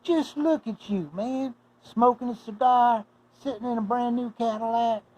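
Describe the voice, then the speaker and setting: A man doing a high, eager young schoolmate. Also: measured pace, warm tone, rough recording. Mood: eager, admiring. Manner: admiring, eager.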